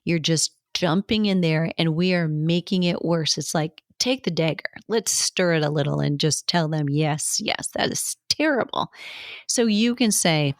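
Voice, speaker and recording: A middle-aged woman gives a coaching lesson in a fairly low, dry voice. She acts out what clients and coaches say and laughs often. Her talk sounds close and unroomy. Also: normal speed, few pauses, dry recording. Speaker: fitness and health coach.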